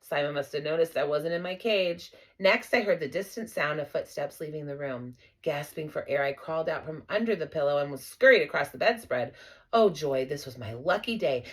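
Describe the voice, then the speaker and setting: A woman narrating a children's storybook in an expressive, playful first-person voice. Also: deep voice. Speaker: audiobook reader.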